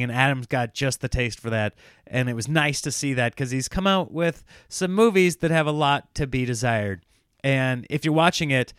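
A man's voice: medium pitch, smooth, dry recording, studio quality. A man hosting a solo podcast in a casual, rambling, self-mocking way, often laughing at himself. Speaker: podcast host.

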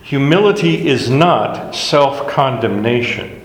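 A man's voice: medium pitch, lively intonation, takes it slowly. A man teaching a casual Bible class in a wry, self-deprecating way, chuckling at his own jokes. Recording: echoey room with long reverb.

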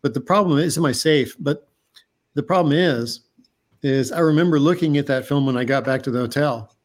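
A man's voice: a little high, a little fast. Earnest man telling a story. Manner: earnest storyteller, many restarts and fillers. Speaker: guest, underwater diver and cameraman. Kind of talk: casual interview talk.

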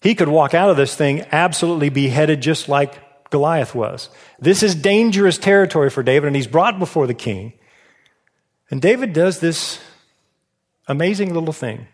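A man's voice: fairly high pitch, lively intonation, normal speed. Man preaching in a reverberant hall. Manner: storytelling preacher, rhetorical questions, prompting the congregation. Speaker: pastor. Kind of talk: sermon.

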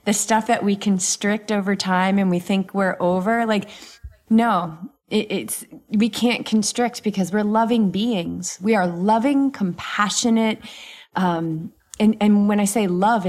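A woman's voice: medium pitch, a little slow, darkish tone. Gushing, enthusiastic woman host. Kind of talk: conversational podcast chat.

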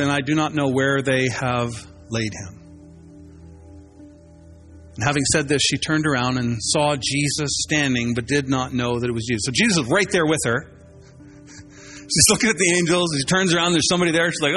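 A man preaching in a loose, conversational style, slipping into quick voices for the people he talks about. His voice sits a little high for a man, and soft music plays behind him. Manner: animated, conversational, acts out voices of biblical figures. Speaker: pastor. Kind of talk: sermon.

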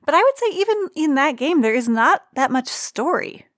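A woman's voice: high-pitched, big pitch swings, moderate pace, fairly bright tone, dry recording, studio quality. A woman hosting a casual podcast chat, eager and chatty. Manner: chatty, eager, frequent laughs.

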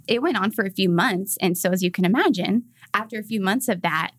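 A woman's voice: medium pitch, a little fast, few pauses, no room sound. A young woman, a mother and podcast guest, telling casual stories and acting out quoted lines with big jumps in her voice.

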